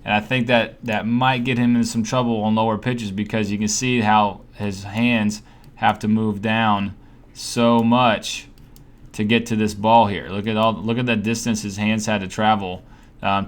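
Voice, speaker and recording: A young man coaching hitting in a casual voice-over, talking through a swing breakdown with lots of fillers and restarts. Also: on the low side. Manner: conversational, many fillers and restarts.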